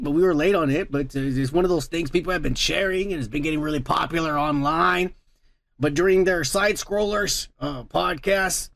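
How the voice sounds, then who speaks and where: A man with a fairly high voice and a gravelly, creaky edge hosts a podcast. He swears freely, teases his co-host and laughs his way through loose, crude banter. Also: a bit bright. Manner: profane, teasing, laughs a lot. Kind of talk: crude casual chat.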